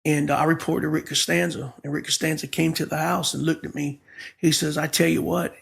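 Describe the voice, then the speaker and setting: High, gravelly pastor telling his story. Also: little pitch movement, brisk, a bit bright. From Florida, USA. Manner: vivid storyteller acting out quoted dialogue, emphatic. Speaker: pastor telling his testimony as a podcast guest. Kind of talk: conversational testimony storytelling.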